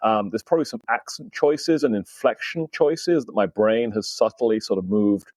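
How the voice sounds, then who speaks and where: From Britain but with an accent worn down by years in the US, this low-voiced guest historian chats on a podcast at normal speed. The sound is dry and close, his tone darkish, and his manner chatty and self-deprecating, full of fillers.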